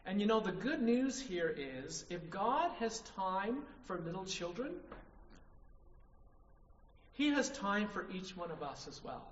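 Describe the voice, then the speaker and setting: A man's voice: high voice, very animated, a little slow, a little hiss or hum. A man preaching a sermon, emphatic, often checking in with the congregation by asking "right?". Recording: distant, echoey hall, dull sound.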